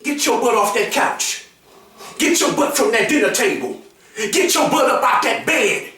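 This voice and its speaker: A man giving an impassioned motivational monologue, preachy and emphatic, repeating his phrases and often rising to a shout. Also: very high-pitched, animated, moderate pace. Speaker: motivational speaker. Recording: very echoey room, voice far from the mic.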